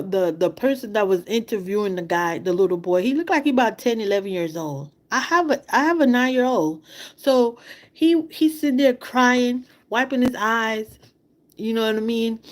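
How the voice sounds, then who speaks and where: Tearful woman venting on a livestream. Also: a little high. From outside the United States. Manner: impassioned, repetitive, rhetorical questions. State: fighting back tears. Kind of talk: emotional livestream monologue.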